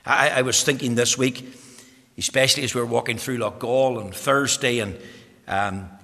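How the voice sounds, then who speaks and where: A man's voice: medium pitch, fairly even intonation, normal speed, creaky, bright, forceful tone. Fervent male preacher in a reverberant hall. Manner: fervent, rising to emphatic peaks on scripture quotes; repeats words when starting phrases. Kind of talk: sermon.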